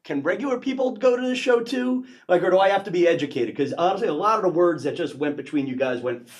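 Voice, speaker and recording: Long Island man, talk show co-host, higher-pitched, jokey, self-deprecating. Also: lively intonation, fast. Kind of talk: casual chat. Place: TV studio.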